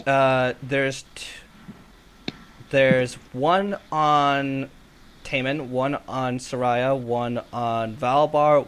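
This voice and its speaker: A man narrating as game master of a tabletop game, halting with many fillers and quick character voices. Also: mid-range voice, a bit bright, clear, resonant tone.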